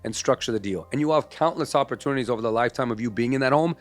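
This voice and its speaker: A man's voice: mid-range voice, rapid-fire, soft background music. A man, a mortgage advisor giving confident, advisory market explanations straight to viewers. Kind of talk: scripted explainer to camera.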